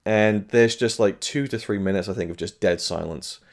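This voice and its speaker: A man's voice: lowish voice, moderate pace. A man giving a frank, chatty spoken review of a film release as the host of his own channel. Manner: frank and chatty, with fillers and blunt remarks.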